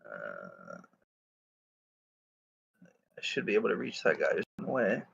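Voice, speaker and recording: A man's voice: a bass voice, wildly swooping pitch, a little slow, vocal fry, noisy background. A man playing a tabletop game, thinking aloud hesitantly as he plans his moves. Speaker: player. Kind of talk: casual tabletop play. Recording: dull lo-fi mic.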